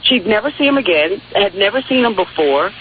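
A woman's voice: medium pitch, brisk. A woman from New York City calling in to a talk radio show, telling a heartfelt story. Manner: heartfelt storyteller, lively voices when quoting. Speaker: caller. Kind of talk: phone-in call to talk radio. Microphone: telephone. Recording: tinny phone line with faint hiss.

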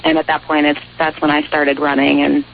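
A woman's voice: sits low, completely flat delivery, fairly quick, creaky. A woman guest on a talk radio show, earnestly recounting a personal experience. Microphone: telephone. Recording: tinny phone line with faint hiss.

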